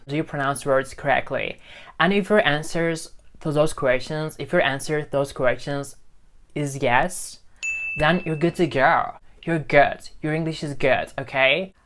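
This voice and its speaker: A man's voice: fairly high pitch, fairly bright tone. A man who teaches English gives an informal lesson straight to the camera on a phone. He speaks emphatically, repeats himself, and keeps checking in with "okay?". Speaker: English teacher and video host. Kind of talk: talking-head lesson to camera.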